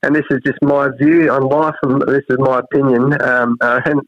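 A man's voice: medium pitch, fairly even intonation, moderate pace, no echo, muffled recording. An Australian man, a cricket head coach, reflecting earnestly in an interview, often restarting his sentences. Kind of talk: interview conversation.

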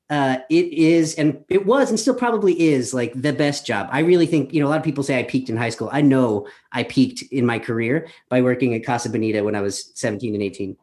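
A man's voice: medium pitch, a little mellow. A man in his thirties, originally from Colorado, tells a true story to a live audience over a video call. He talks casually and pokes fun at himself, with frequent ums and uhs. He is speaking into a webcam from home. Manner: chatty, self-deprecating, many fillers. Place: his apartment.

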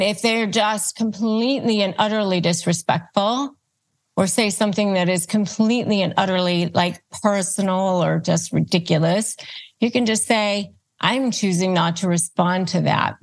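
A woman host giving advice, walking through numbered steps with deliberate emphasis and acting out calm replies and knowing looks. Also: medium pitch. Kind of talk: instructional advice talk.

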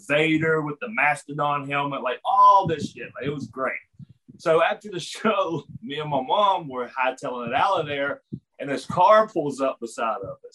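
A middle-aged man spinning a yarn in a relaxed chat, his voice sitting a bit high for a man. He laughs between lines and jumps into the voices of the people in his story, so the talk keeps rising and falling. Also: poor audio. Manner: animated, laughs often, acts out voices in his stories. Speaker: podcast guest, former wrestler. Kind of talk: casual storytelling.

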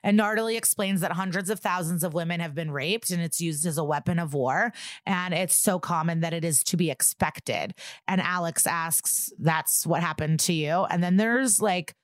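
A woman's voice: lowish voice, moderate pace, no echo, clean studio sound. A young adult woman co-hosting a podcast, retelling a TV episode in casual chat with sarcasm and profanity. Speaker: podcast co-host recapping an episode.

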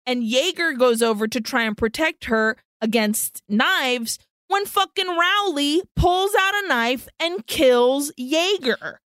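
A woman co-hosting a podcast, recapping a film in casual chat, animated, swearing freely and acting out the characters' lines. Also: high voice, slow pace, few pauses, dry recording, clean studio sound. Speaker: podcast co-host.

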